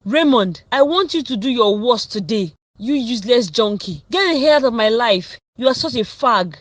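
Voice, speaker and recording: A woman's voice: fairly high pitch, animated, moderate pace, natural voice. A woman voicing an angry, despairing cartoon wife. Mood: furious. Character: distraught abused cartoon wife.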